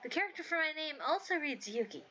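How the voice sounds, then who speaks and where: A woman's voice: high-pitched, lively intonation, fast, sharp tone. A woman voicing a smug, teasing young man in a visual novel, with a very nasal voice and a sly manner. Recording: dull lo-fi audio, faint music.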